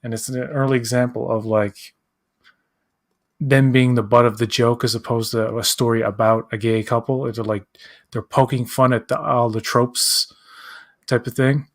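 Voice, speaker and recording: Man, casual live chat, rambling, mid-pitched voice, acts out quotes. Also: flat delivery, moderate pace. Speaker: co-host.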